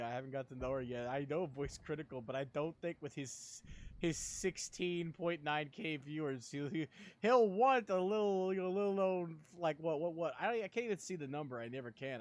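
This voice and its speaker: On a live stream, a young man chats casually in a rambling, excitable way, laughing often and sounding sleepy. His voice is a little high.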